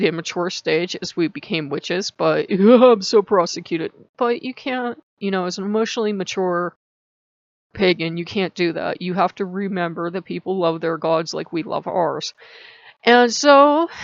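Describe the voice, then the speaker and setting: Gravelly, rambling woman vlogger. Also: dry recording, dull audio. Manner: rambling, chatty, with sudden rises in pitch. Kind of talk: casual spiritual vlog chat.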